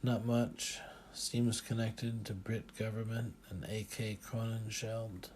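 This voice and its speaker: A man's voice: lowish voice, little pitch movement, takes it slowly, a little mellow, slight background noise. A man voicing a terse, secretive tech magnate in an audiobook, with clipped questions.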